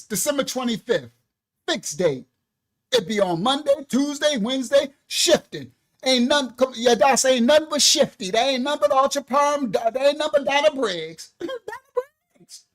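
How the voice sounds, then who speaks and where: Male bible teacher on a livestream, energetic, breaks into exclamations and loose colloquial asides. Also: very high-pitched. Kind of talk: livestreamed scripture lesson. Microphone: own microphone.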